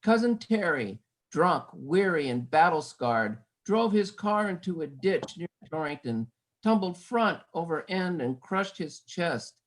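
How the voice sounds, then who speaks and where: A woman reading her own poem at an online event, wry and lively, calling out counts in quoted lines. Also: fairly low pitch, unhurried, poor audio. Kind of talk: poetry reading. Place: home video call. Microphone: video call.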